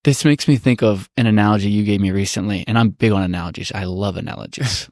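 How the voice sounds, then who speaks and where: A man co-hosting a podcast, listening with quiet murmurs and setting up questions. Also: lowish voice, dry recording, clean studio sound. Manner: quiet reactive murmurs, then quick setup questions. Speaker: podcast co-host. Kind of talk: interviewing, reacting.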